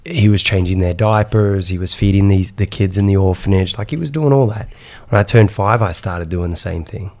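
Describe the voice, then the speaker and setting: Man from Iraq, low voice, gravelly, animated storyteller, lots of fillers. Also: fairly quick. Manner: animated, repeats "right?" and "insane", many fillers. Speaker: guest. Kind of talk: personal storytelling in conversation.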